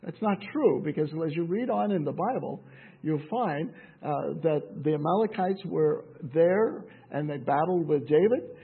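A man's voice: a little high, animated, unhurried, creaky, slightly rough. A man reading a Bible passage aloud and adding conversational comments. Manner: conversational asides, frequent fillers and restarts. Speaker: Bible teacher. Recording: tinny phone-like sound.

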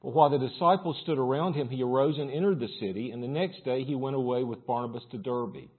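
A man's voice: medium pitch, quick pace, breathy edge, narrow, tinny audio. A man preaching a sermon and reading scripture aloud, building force as he reads. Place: church service room.

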